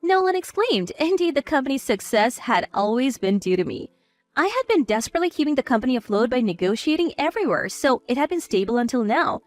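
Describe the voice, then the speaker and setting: A woman's voice: high-pitched, sing-song, fast talker. A woman narrating a first-person story in a cool, firm manner.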